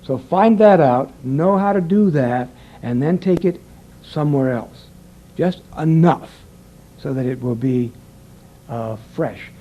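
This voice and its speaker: A man's voice: on the high side, animated, slow pace, dull audio. An older man who directs voiceover sessions, giving a rambling, conversational lecture to an audience and acting out exchanges from the studio.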